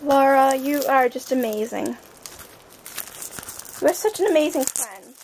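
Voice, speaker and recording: A woman's voice: high voice, lively intonation, a little slow, darkish tone, a little hiss or hum. A woman vlogger opening presents on camera and gushing over each one with repeated exclamations. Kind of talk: casual unboxing chat.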